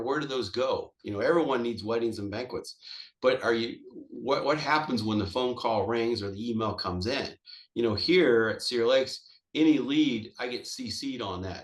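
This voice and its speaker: A man's voice: medium pitch, echoey room. A man who manages golf courses, talking casually in a webinar, rambling and acting out conversations. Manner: rambling and animated, acts out dialogue, says "man" often. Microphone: webinar call mic.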